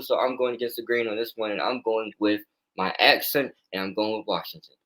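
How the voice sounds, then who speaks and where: A man co-hosting a casual football picks show, blunt and excitable with trash talk. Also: mid-range voice, brisk, low-quality recording. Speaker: co-host. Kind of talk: casual sports picks chat.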